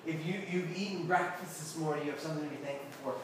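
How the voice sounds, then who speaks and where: A man's voice: fairly high pitch, fast talker, slight background noise. A man giving a casual, interactive sermon to a youth group, constantly checking in with his listeners. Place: air-conditioned room with a group. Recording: very echoey room, mic far off.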